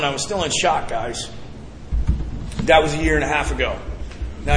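Here a man with a mid-range voice tells his recovery story at a twelve-step meeting, emphatic and sincere, repeatedly saying "guys" to the audience. Background noise and the ambience of an echoey hall surround him.

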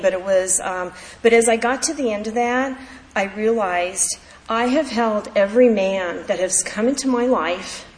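A woman candidly sharing her personal recovery story at a meeting, in a heartfelt storytelling manner. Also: mid-range voice. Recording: echoey hall with faint background noise.

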